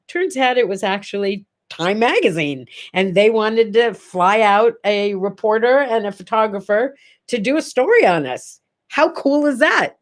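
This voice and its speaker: Older woman telling lively stories. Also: on the high side, unhurried. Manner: animated, acts out quoted voices in stories. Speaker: livestream host. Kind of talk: casual storytelling chat.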